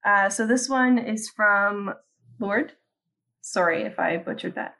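A woman on a podcast reading quotes aloud slowly and carefully. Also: medium pitch, vocal fry, bright, forceful tone.

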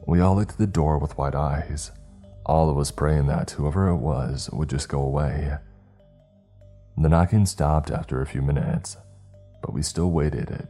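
A man narrating a scary story in a measured, hushed way. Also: a bass voice, slightly rough. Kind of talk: scripted horror narration. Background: faint music.

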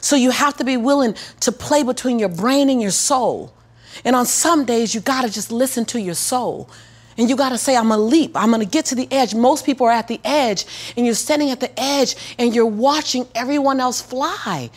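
A middle-aged woman and motivational speaker telling a personal story in an interview, lively and acting out the people in it, then preaching with repeated phrases. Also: on the high side, normal speed. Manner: animated, acts out the people in her story.

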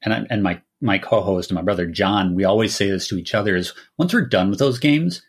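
A man guesting on a podcast, talking in a relaxed, thoughtful way and repeating words as he starts a thought. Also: fairly low pitch, fairly quick, husky. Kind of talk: casual chat.

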